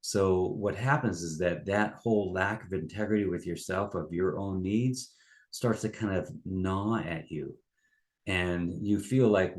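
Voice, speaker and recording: A middle-aged man with a very low, deep voice talks through a coaching topic. His delivery is loose and rambling, with frequent fillers and restarts. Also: unhurried. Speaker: life coach. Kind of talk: casual monologue.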